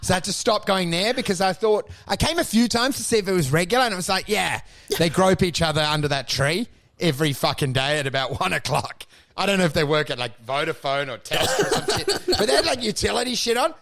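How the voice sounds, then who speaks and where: A man co-hosting a comedy podcast who rants through absurd stories in a sweary, animated way. His voice sits high, with a gravelly fry and a bright edge. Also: quick pace, a little hiss or hum. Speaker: podcast co-host. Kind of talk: absurd comic storytelling.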